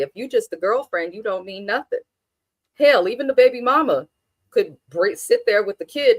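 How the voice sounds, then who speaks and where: A woman's voice: medium pitch, dry recording. A woman from Oakland, California talks through a reality TV episode in a casual, blunt and sassy way. She sounds opinionated and unfiltered. The recording is dry, with almost no room sound. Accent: African American Vernacular English speaker from Oakland. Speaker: reality TV review host. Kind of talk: casual recap commentary.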